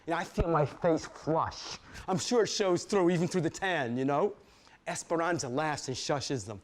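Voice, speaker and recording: A man from Brooklyn, reading a personal story aloud in an animated, profane, conversational way. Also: medium pitch, moderate pace.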